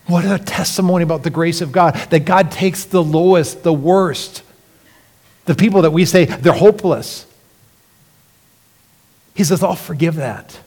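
A male pastor preaches a sermon with earnest conviction, his somewhat high voice shifting between hushed, near-whispered phrases and emphatic, rising appeals. He's unhurried with long pauses, and a long reverb from the church sanctuary surrounds him.

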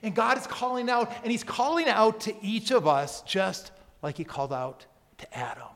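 Male pastor, slightly high voice, preaching a sermon, soft near-whispers and loud calls, long hall reverb. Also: normal speed, vocal fry. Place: church sanctuary.

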